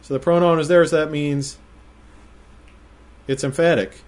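A man's voice: a little high, steady tone. Man teaching scripture verse by verse. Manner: measured, explanatory, slows to stress quoted phrases. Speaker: Bible teacher.

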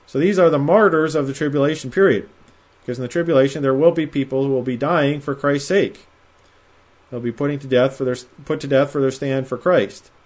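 A man teaches the Bible verse by verse in a measured, explanatory way, slowing down to stress quoted phrases. His voice is mid-range and a little mellow.

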